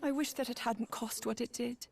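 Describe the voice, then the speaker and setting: Zelda, a gentle young princess. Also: female voice, fairly high pitch, steady tone, normal speed, vocal fry, husky. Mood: wistful. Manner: soft, wistful and earnest. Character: young princess recalling a lost friend, gentle. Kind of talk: game cutscene voice acting.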